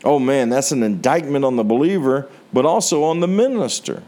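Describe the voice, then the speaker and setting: An American man preaches in an earnest, storytelling way, with a voice of ordinary pitch for a man. He climbs higher when he asks rhetorical questions. He speaks as a pastor giving his testimony. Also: fairly quick, mellow. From United States. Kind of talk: sermon testimony.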